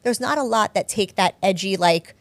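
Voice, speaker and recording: A woman in her forties talks openly in an interview, mixing frank stories with self-deprecating humor. Her voice sits at a middle pitch. The sound is dry and close, with no room around it. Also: moderate pace, no room sound. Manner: candid, self-deprecating, animated storytelling. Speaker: guest author. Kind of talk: casual interview chat.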